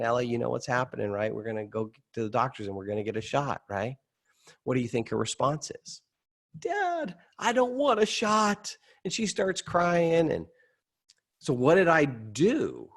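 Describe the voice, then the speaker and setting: A middle-aged man teaching a session to an audience, telling a personal story in a lively, conversational way and jumping up in pitch at dramatic moments. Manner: animated storytelling, conversational, rising excitement at high points. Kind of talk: anecdotal teaching talk to an audience.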